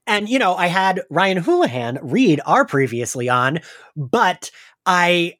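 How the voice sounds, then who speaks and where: A man's voice: sits high, unhurried, dry recording. Congested chatty man, dry sound. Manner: chatty, animated storytelling. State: congested from crying. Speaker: podcast host. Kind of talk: casual chat.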